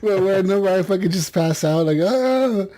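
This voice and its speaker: A man with a notably high speaking voice hosts a casual gaming podcast. He jokes around, laughs often and swears freely, keeping the chat loose. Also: lively intonation, moderate pace, warm tone. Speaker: podcast host.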